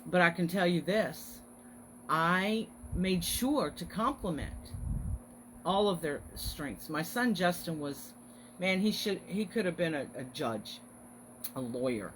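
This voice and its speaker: A woman's voice: on the low side, expressive, slow, slight background noise, rough recording. A woman hosting a casual livestream, talking in an earnest, encouraging way. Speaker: host.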